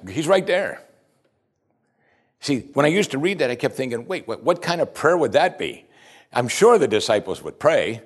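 A pastor with a mid-range voice preaches a sermon, reading scripture aloud and pausing to comment on it. He talks conversationally and puts questions to his listeners.

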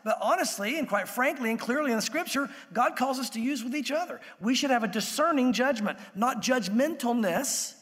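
A man's voice: very high voice, expressive, brisk, hardly any pauses, a bit bright, big-room sound. A man preaching a sermon in a conversational way, acting out the voices he quotes. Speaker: pastor.

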